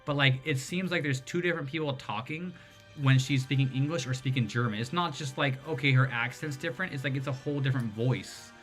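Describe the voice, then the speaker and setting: A man hosting a casual livestream chat, rambling and animated as he tells stories. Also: mid-range voice, fast, faint music behind. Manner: rambling, animated storyteller who mimics voices.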